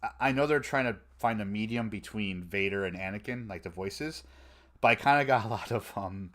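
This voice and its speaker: Casting: male podcast host, slightly low voice, excitable casual chatter. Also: a little fast. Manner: excitable, laughs often, many fillers. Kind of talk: casual fan podcast chat.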